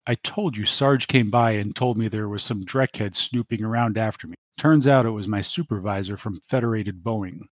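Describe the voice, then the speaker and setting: A tough young woman police cadet, voiced by a male game master, sharp and icy. She speaks in his own range, clipped and cold. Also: on the low side, moderate pace, few pauses, no room sound, close to an everyday voice.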